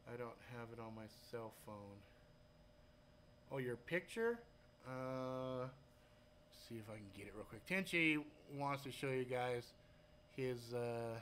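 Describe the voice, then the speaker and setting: A man from Hawaii hosting a live stream, telling stories and answering chat in loud, profane, animated talk. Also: mid-range voice, a little hiss or hum. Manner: reads chat aloud and talks to viewers.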